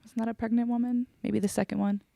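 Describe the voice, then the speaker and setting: A woman's voice: a little high, level tone, fast talker, vocal fry, mellow, no room sound, studio quality. A woman from Ohio, a podcast guest, chatting casually with a playful, self-mocking manner. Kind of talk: casual chat.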